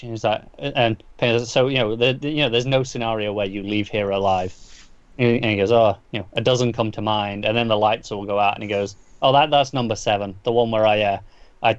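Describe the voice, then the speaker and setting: This man, co-hosting a podcast, gives a rambling, casual comic book recap packed with fillers and restarts. He speaks in a lowish voice. The recording is dull, dry lo-fi with no echo.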